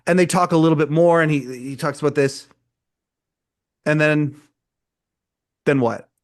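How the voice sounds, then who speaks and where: A man's voice: fairly high pitch, steady tone, normal speed. A man co-hosting a podcast, retelling a live show in casual chat, rambling and repeating words as he goes. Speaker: podcast co-host.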